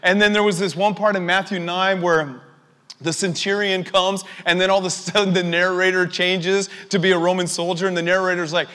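Brief: male preacher, high voice, conversational sermon that turns emphatic, reverberant hall. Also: level tone, brisk, bright, forceful tone.

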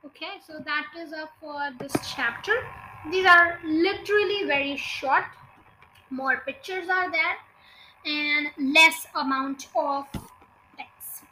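Brief: woman podcaster reading a kids' book, casual, very bright and sharp. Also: sits high, slow, slight background noise, rough recording. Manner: chatty, with small slips and self-corrections.

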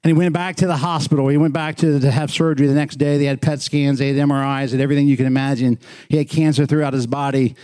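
A man's voice: mid-range voice, little pitch movement, fast talker, hardly any pauses, a little mellow. A male pastor preaching a sermon in a small church, talking conversationally, prodding the congregation with questions and repeating words for emphasis.

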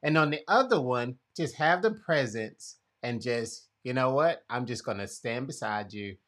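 A man's voice: medium pitch, animated, moderate pace, a bit bright. A man hosting a casual conversation, retelling a Bible story expressively and acting out quotes. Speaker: podcast host.

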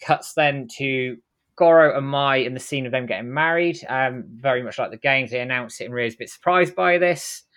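Man briskly recapping an episode. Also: medium pitch, fairly bright tone, clean tone. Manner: brisk storytelling, acts out quotes in passing. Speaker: podcast co-host. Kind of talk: casual recap narration.

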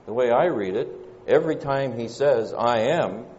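A man with a Southern American accent preaching a sermon, measured and pausing, often saying "uh". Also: medium pitch, darkish tone. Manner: measured, pausing delivery with frequent "uh" fillers. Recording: dull lo-fi church recording with long reverb.

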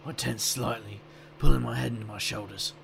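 A man's voice: mid-range voice, steady tone, brisk, vocal fry, noisy background. A man voicing a wry, sardonic male detective who narrates in first person, with dry wisecracking asides.

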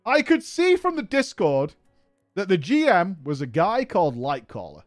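A man with a high, bouncy voice reads a story aloud for laughs. He keeps breaking off into swearing, giggling commentary. His voice is dry and close, and faint music plays behind it. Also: normal speed, dry recording. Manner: animated, profane, laughing asides. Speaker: podcast host reading a story. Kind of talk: comedic story reading with commentary.

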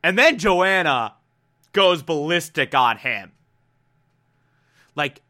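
A man casually recapping a TV episode, animated and profane, acting out characters' lines as he goes. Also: on the high side, takes it slowly, long pauses. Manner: animated, profane, quotes characters mid-story. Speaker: TV recap commentator.

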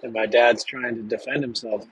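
A man telling a personal story from his past in a halting, measured way with long pauses. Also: mid-range voice, steady tone, a bit bright, slightly rough, poor audio.

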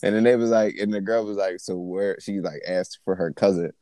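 Deep-voiced laid-back young man. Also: steady tone, a little fast, mellow, no room sound. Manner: laid-back storytelling with slang and frequent laughter. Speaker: podcast co-host. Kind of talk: casual chat.

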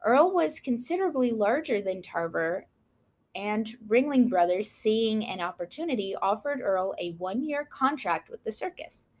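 A woman's voice: medium pitch, expressive, normal speed, a little mellow. A woman co-hosting a casual chat, reading out history notes with frequent asides and apologies for mispronounced names. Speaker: podcast co-host.

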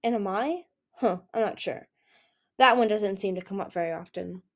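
Woman doing a smooth, confident young male dragon, teasing and persuasive, audiobook character. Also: mid-range voice, normal speed, close to an everyday voice. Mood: charming.

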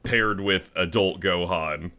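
A man co-hosting a podcast in casual chat, enthusiastic and laughing often, with frequent "like" fillers. His voice sits fairly low but comes across bright and forceful. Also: takes it slowly, smooth. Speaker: podcast co-host.

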